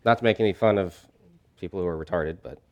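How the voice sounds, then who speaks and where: A middle-aged man preaching a sermon in a conversational way, swinging between loud emphatic lines and quiet ones. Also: low voice, fast talker, muffled recording. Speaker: pastor.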